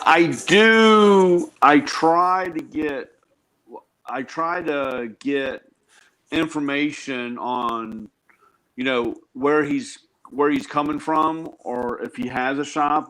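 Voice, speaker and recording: A man's voice: on the high side, slow pace, fairly bright tone, clean tone, low-quality recording. Wry man telling shop stories. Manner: wry, joking storyteller. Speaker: tool truck dealer, guest. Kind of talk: casual chat on a live show.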